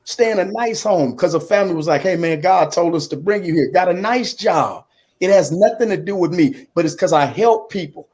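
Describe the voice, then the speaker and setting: A man in his fifties tells his story as an interview guest, speaking through a computer on a video call. His voice sits a touch higher than most men's. He acts out both sides of past conversations and keeps dropping in "man.". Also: brisk, darkish tone. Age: 50s. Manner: acts out dialogue, drops in "man" a lot.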